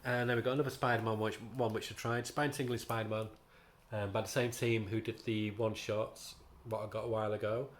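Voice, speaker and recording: A British man talks through his comic picks in a loose, rambling way, trailing into ums and restarting sentences. His voice sits on the lower side, with a faint hiss of noise behind it. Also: level tone, fairly quick. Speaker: comic book reviewer. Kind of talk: casual review vlog.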